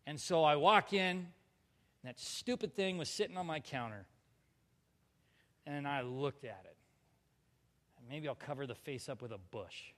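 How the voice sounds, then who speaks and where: A man with a notably high voice tells a personal story from the pulpit. He is animated and pokes fun at himself as he acts out his own words. The sound rings out with the long reverb of a big hall. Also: a little slow, pauses often, slight background noise. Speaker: preacher giving a testimony. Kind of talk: storytelling sermon. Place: large hall before a live audience.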